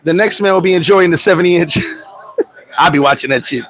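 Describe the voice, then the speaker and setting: Guy with a pretty high voice on a livestream, swearing a lot, getting loud telling stories, reading out chat. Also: a little fast, a crowd in the background, low-quality recording. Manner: profane, animated storytelling, loud outbursts; reads and answers viewer comments. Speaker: livestream host.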